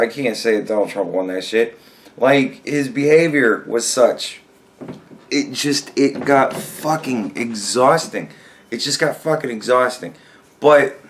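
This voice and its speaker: A man rambles through a casual reaction rant at his desk, swearing freely and sounding worn out. His voice sits in an ordinary middle pitch. He often breaks into laughter. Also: a little hiss or hum. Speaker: commentary vlogger.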